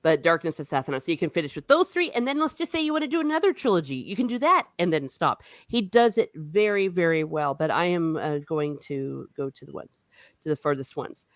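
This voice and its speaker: A woman's voice: low-pitched, lively intonation, a little fast, no room sound. A woman hosting a casual book discussion, rambling with frequent fillers and laughing often. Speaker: host of a book discussion show. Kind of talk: casual chat.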